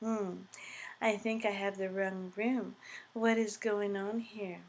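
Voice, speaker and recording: A woman's voice: mid-range voice, flat delivery, slow pace, pitched above the performer's own voice. Woman putting on a haughty suspicious nurse. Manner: prim, doubtful, stalling.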